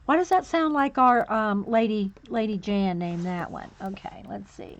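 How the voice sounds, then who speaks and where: A woman's voice: medium pitch, unhurried, hardly any pauses. A woman hosting a casual livestream, chatting and greeting viewers by name one after another, with a slight lilt. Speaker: livestream host. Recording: dull lo-fi stream audio.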